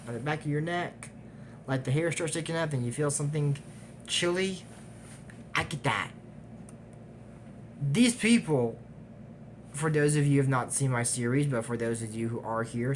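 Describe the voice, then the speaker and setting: A man recapping an animated series in a casual, digressive way, trailing off with fillers and little laughs. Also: mid-range voice, normal speed, long pauses, slight background noise. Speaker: YouTube recap host. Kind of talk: casual rambling episode recap.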